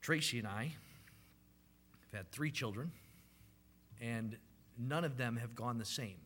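A man's voice: mid-range voice, unhurried, a bit bright, a little hiss or hum. A man in his thirties preaching a sermon as a pastor, telling stories in a conversational way with frequent "right?" tags and ums.

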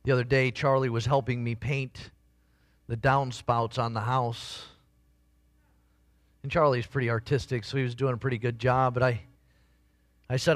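A man's voice: mid-range voice, flat delivery, a little fast, fairly bright tone, no room sound, studio quality. A man preaching a sermon as a pastor, earnest and conversational, with emphatic swells.

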